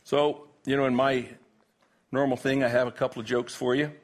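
A man who is a pastor, praying and preaching to his church in a folksy, joking way, with halting restarts. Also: mid-range voice, level tone. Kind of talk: sermon with prayer and jokes.

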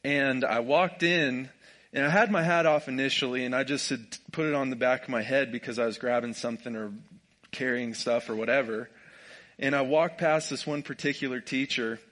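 A young man with a drawl, telling a personal story in a relaxed, jokey way and laughing often. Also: medium pitch, normal speed. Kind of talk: casual storytelling.

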